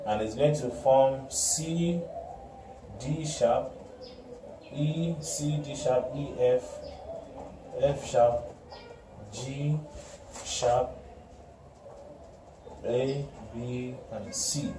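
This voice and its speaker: Guy teaching scales real slow, stops to fix his slips, echoey room with background noise. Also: mid-range voice, distant mic. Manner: slow, repeats note names and corrects himself. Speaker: music teacher. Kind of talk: classroom music lesson. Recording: echoey room, voice from off-mic, noisy.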